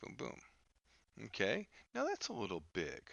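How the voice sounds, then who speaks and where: A man teaching a software lesson over a screen recording, talking haltingly with many fillers and restarts. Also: on the low side, huge pitch swings, gravelly, no room sound, dull audio. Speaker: instructor.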